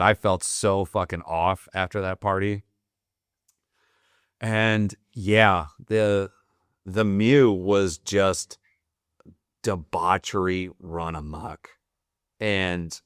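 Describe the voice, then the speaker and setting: A young man spins a rambling, profane story with frequent laughter, in a low voice. He speaks slowly and unhurriedly. The sound is dry and close, with no room around it. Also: clear, resonant tone, no room sound. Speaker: podcast guest, Marine veteran. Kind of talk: casual storytelling.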